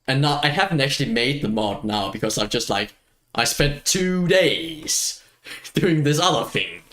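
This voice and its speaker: A man's voice: mid-range voice, expressive, measured pace, fairly bright tone. A man streaming a video game, chatting casually as he plays, rambling and self-mocking and laughing often. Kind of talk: casual gameplay chat.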